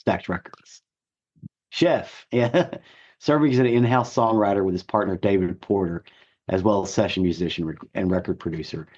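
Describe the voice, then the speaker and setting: A man with a gruff, hoarse voice co-hosting a podcast, chatting enthusiastically with lots of fillers. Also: sits low, moderate pace, darkish tone, dull audio. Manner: enthusiastic, rambling with many fillers. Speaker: podcast co-host. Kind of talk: casual chat.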